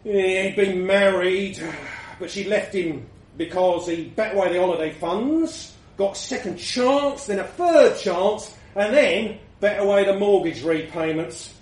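Man, wry storyteller, high voice, roomy distant sound. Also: darkish tone. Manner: wry, crude, slow-paced storytelling. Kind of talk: storytelling narration. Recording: roomy, from the mic.

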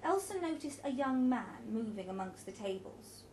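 Woman narrating an audiobook, higher voice. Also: big pitch swings, normal speed, a little mellow, slight background noise.

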